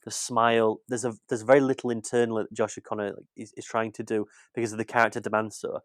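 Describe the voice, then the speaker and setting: Fast and level in tone, a lower-voiced British man co-hosts a podcast as a film critic, talking about movies in casual chat. He rambles, repeats himself, and restarts sentences, captured in studio quality without room sound.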